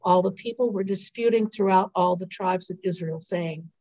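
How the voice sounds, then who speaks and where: Woman reading scripture at a measured pace. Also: fairly low pitch, mellow, rough recording. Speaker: scripture reader. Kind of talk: liturgical responsive reading.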